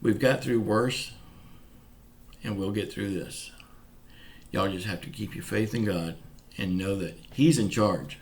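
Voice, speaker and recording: A man's voice: on the low side, a little slow, pauses often, a little mellow. A man with a Southern US accent, from Florida, hosting a casual video update in a folksy, earnest way; some of his words come out slurred. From Pensacola, Florida, US. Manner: folksy, earnest, keeps saying y'all. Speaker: channel host. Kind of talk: casual direct-to-camera update.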